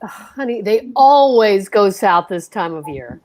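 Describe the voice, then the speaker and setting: A woman's voice: medium pitch, lively intonation, unhurried, darkish tone, natural voice. A woman playing a placating middle-aged husband in an old-time radio play. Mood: soothing. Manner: coaxing, placating. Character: husband George, soothing middle-aged man. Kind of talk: 1940s radio acting.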